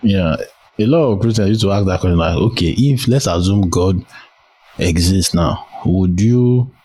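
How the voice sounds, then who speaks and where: A man's voice: sits low, normal speed, dark tone, husky. A Nigerian man hosting a podcast, talking casually in an irreverent manner and swearing freely. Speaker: podcast host.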